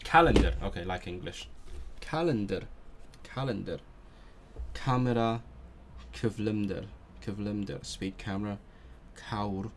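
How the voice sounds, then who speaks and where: A man's voice: gravelly, slight background noise. A man on a study stream, thinking aloud and repeating vocabulary to himself with frequent restarts. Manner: repeats words slowly, muttering to himself as he drills vocabulary; self-talk with restarts, low-key. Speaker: language learner streamer.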